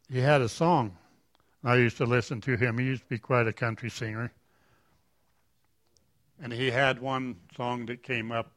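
A man's voice: mid-range voice, fairly bright tone. A man, not a preacher, giving an informal church talk in a rambling, folksy, self-deprecating way. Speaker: lay speaker at church.

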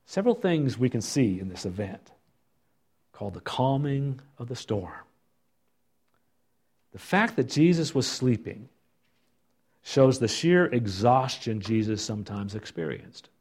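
A man teaches a Bible study in an ordinary mid-range voice. He reads scripture expressively and pauses to reflect on it. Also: medium pitch, lively intonation, a little mellow, breathy edge.

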